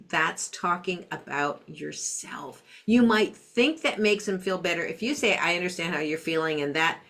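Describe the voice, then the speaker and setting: A middle-aged woman, a guest parenting expert, explaining communication tips in a gentle, conversational way. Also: mid-range voice. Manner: gentle, acts out soft empathetic phrases. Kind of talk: interview conversation.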